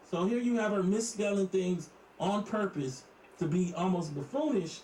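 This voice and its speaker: A man's voice: high voice, lively intonation, normal speed, darkish tone, reverberant, far from the mic, slight background noise, low-quality recording. A male host reviewing tweets, indignant and critical. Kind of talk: reviewing and reading tweets aloud.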